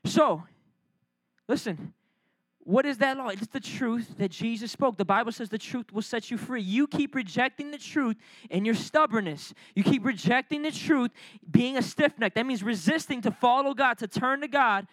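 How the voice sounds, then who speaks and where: A man's voice: very high voice, moderate pace, fairly bright tone, no echo, rough recording. A male preacher delivering an emphatic, repetitive sermon, speaking directly to his church.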